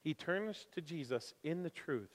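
A man preaching a sermon who moves from calm scripture reading to impassioned, emphatic preaching with repeated phrases. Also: a little high, a little slow. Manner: emphatic repetition. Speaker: pastor. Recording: long hall reverb.

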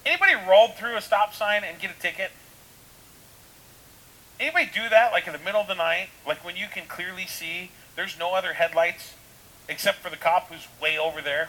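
A man's voice: a little high, a little fast, pushed and bright, poor audio. A man preaching a sermon in a casual, conversational way, full of rhetorical questions and restarts. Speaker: pastor.

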